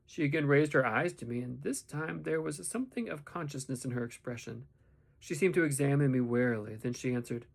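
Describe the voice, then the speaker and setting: A man narrating a classic novel in the first person with expressive, measured storytelling. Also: mid-range voice, vocal fry, breathy edge. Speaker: audiobook narrator.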